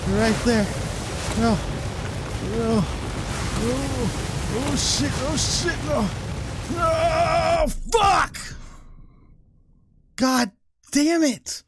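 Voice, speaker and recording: A man's voice: extremely high pitch, extremely slow, long pauses, breathy edge. A man giving casual let's-play commentary who swears constantly and talks to his sled dogs and to the game. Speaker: gaming channel host.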